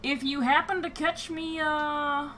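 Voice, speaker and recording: Woman GM host, bright tense tone, loose and profane. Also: high voice, steady tone, unhurried, slight background noise. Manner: filler-heavy, joking, swears freely. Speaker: game master and streamer. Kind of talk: casual live-stream chat.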